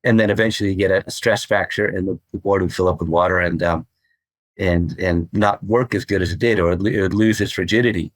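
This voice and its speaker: An older man speaks as a guest in a podcast interview, with a fairly low voice. He talks with rambling enthusiasm and often repeats words as he goes. The recording is close and dry. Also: fairly even intonation, a little fast, no echo. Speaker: guest, surfboard craftsman.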